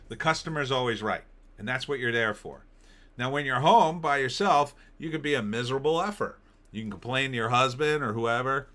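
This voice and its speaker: A middle-aged man hosts an opinion show, speaking fairly quickly in a mid-range voice with a sharp tone. He rants sarcastically about the headlines in a casual way and mocks them in put-on voices.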